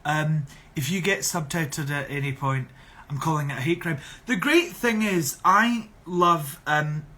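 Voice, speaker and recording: A young drag performer from Scotland goes through viewer questions on a casual live stream, replying in a sarcastic, chatty manner. His voice is a little high, pushed and bright, with a moderate pace.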